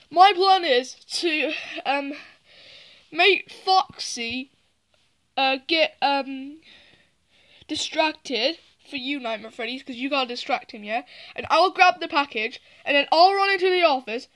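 A woman voicing plush toys in a homemade role-play, talking haltingly with many fillers. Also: sits high, fairly bright tone. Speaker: plush video maker.

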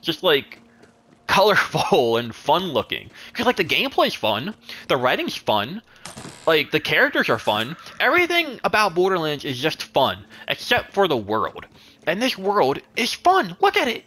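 A young man giving casual let's-play commentary, excitable, swearing and laughing often. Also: on the high side, measured pace. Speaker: gaming YouTuber.

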